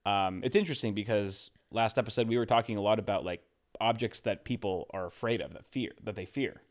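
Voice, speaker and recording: Lower-pitched man chatting on a podcast. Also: a little fast. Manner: laughs often, stammers and repeats words. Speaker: podcast co-host. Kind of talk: casual podcast chat.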